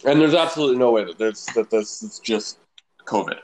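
A man's voice: medium pitch, a little fast, a little mellow, low-quality recording. A man in casual chat, rambling and crude, swearing often.

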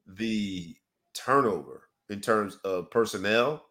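A man co-hosting a relaxed sports talk show, his voice bright and forceful. He talks in an animated, hype-building way and strings together long, rambling pleas to the audience. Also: lowish voice, slow. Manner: rambling sign-off with repeated pleas. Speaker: podcast co-host.

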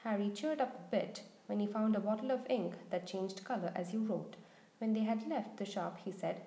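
A woman reading a storybook aloud with even, measured narration. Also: medium pitch, creaky, echoey room, rough recording. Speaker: audiobook reader.

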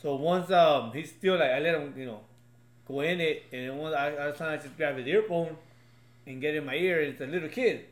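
A man's voice: a little high, brisk, reverberant. A father in casual podcast chat, telling loose anecdotes and leaning on filler words.

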